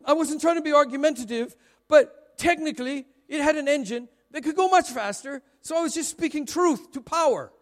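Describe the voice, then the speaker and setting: High-voiced middle-aged man preaching with humor. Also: fairly quick. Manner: chatty, self-mocking storytelling with frequent laughs. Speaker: pastor. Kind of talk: humorous sermon. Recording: long reverb of a large hall.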